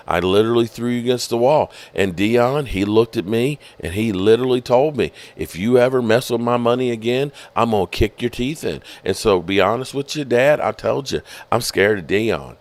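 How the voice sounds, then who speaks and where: Man mimicking a hesitant team executive. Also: close to an everyday voice. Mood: sheepish. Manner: halting, full of uh fillers; low and subdued. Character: hesitant male football team executive, middle-aged.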